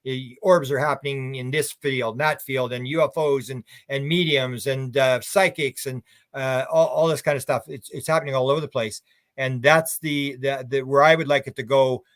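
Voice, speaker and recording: A man's voice: mid-range voice, fairly even intonation, moderate pace, a bit bright, no room sound, clean studio sound. An older man, a researcher guest on a radio interview, talking in long, rambling, opinionated run-on thoughts.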